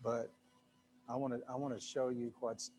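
Speaking at medium pitch with a flat, slightly mellow delivery and moderate pace, a male pastor gives a sermon to a live congregation in a church sanctuary. He keeps it loose and conversational, with many fillers and asides.

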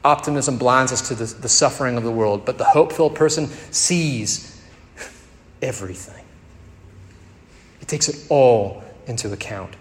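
A male pastor preaching a sermon, moving between soft tender passages and emphatic rising peaks. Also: medium pitch, normal speed, long pauses. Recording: echoey hall with faint ambience.

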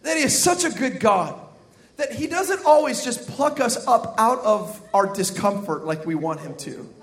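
A young pastor with a high, light voice preaches to his congregation in a lively, comic style. He mimics noises, jokes, then builds to shouted emphasis. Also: a little slow. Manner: animated storytelling with sound effects and shouted emphasis. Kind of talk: comedic sermon. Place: church service with live congregation.

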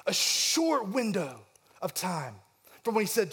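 A man's voice: high voice, huge pitch swings, measured pace, vocal fry, a bit bright, slightly rough. A man preaching an expository sermon, reading verses and acting out the quoted lines, asking his listeners questions. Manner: asks the congregation questions. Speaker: pastor.

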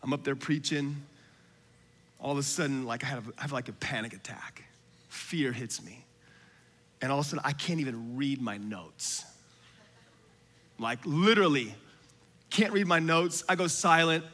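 A man preaching a sermon, moving from hushed, whispered asides to loud, shouted exhortation, with casual slang and laughter. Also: mid-range voice, animated, normal speed, pauses often. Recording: long hall reverb from a large room.

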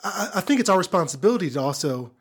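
A man's voice: sits high, big pitch swings, very fast, husky. A man co-hosting a podcast in casual conversation, loose and rambling, full of "you know" and "I mean" asides. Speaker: podcast co-host, improv performer.

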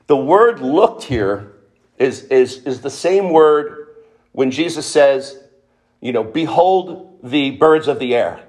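A man's voice: mid-range voice, expressive, takes it slowly, darkish tone. A man preaching a sermon, emphatic, asking the listeners questions and acting out quotes.

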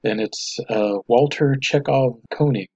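A man's voice: medium pitch, measured pace, darkish tone, slightly rough, lo-fi sound. A man co-hosting a casual podcast, telling a story in a loose, rambling way with lots of fillers and laughs. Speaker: podcast co-host. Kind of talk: casual chat.

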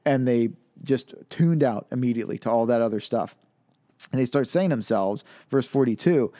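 A man teaches from the Bible, reading the passage out and then explaining it in easy, conversational speech full of rhetorical questions. His tone is warm and mellow. The recording is dry and close, with no room sound. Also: mid-range voice, normal speed, no echo. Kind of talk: reading scripture aloud and explaining it.

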